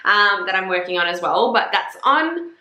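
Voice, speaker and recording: A woman's voice: medium pitch, expressive, moderate pace, pushed and bright. A young Australian woman with an Australian accent, chatting casually to camera as a book vlogger, blunt and playful, swearing freely. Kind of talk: casual chat. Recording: echoey room.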